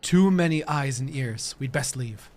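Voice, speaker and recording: A man's voice: medium pitch, lively intonation, a little slow, darkish tone, natural voice. A man reading the curt, cold lines of a brooding, edgy young man from a fantasy game.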